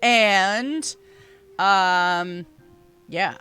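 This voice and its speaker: Upbeat woman host of a live stream, crisp bright voice, lots of laughs. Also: mid-range voice, drawn-out words, faint music behind. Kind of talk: casual live-stream chat.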